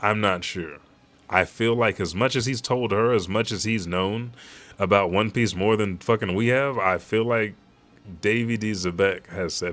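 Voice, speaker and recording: Low-voiced young guy, excitable fan narration, swears freely, chatty live read. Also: normal speed. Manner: excitable, profane, fan-style commentary. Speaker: host reading a manga chapter live. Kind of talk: casual live read with commentary.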